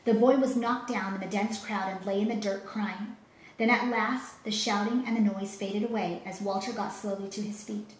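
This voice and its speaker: A woman telling a children's story with dramatic, expressive reading. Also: mid-range voice, normal speed, a little hiss or hum. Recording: roomy echo, faint ambience.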